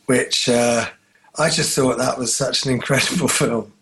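A man co-hosting a podcast, telling rambling, animated stories in casual chat. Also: mid-range voice, a little slow. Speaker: podcast co-host.

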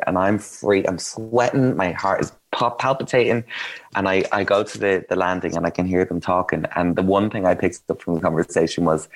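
Man, deep voice, candid anecdotal guest with a self-deprecating streak. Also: fairly even intonation, normal speed. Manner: candid, self-mocking, chatty with fillers. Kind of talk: casual anecdotal storytelling.

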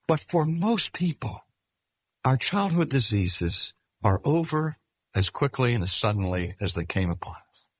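Older male preacher, mid-range voice, deliberate and emphatic, dry close recording. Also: mid-range voice, very animated, slightly rough, no echo. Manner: measured, emphatic delivery with slow stressed phrases. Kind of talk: sermon. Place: speaking at a cancer hospital.

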